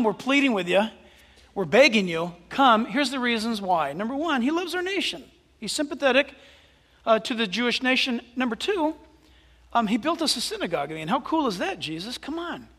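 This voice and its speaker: A man with a very high, bright voice delivers an animated sermon as a pastor. His pitch swings widely as he tells stories and drops into soft asides, and long reverb from a large hall trails every phrase.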